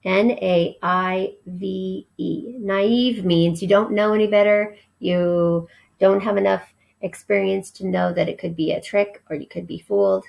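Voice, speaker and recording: A woman teaching a recorded vocabulary lesson at a slow, patient pace. She spells each word out letter by letter before explaining it, and her voice has a gravelly edge. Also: mid-range voice, steady tone, a little mellow, low-quality recording.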